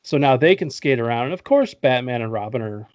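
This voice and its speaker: A man talks through a movie's plot in a loose, joking podcast recap, swearing freely and breaking into laughter. His voice sits at an ordinary middle pitch. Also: expressive, brisk, darkish tone, a little hiss or hum. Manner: joking, profane, laughs often. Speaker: podcast host.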